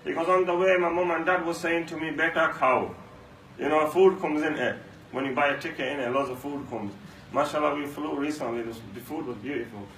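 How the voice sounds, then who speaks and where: A man's voice: fairly high pitch, steady tone, fast, a bit bright, a little hiss or hum. A man giving a religious talk, telling a story and acting out both sides of a conversation. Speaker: preacher. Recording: echoey room, mic at a distance.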